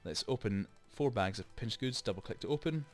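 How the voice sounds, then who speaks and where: A man's voice: on the low side, expressive, brisk, faint music behind. A man hosting a let's play, chatting and rambling through explanations with lots of asides, into a desk microphone. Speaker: gaming channel host.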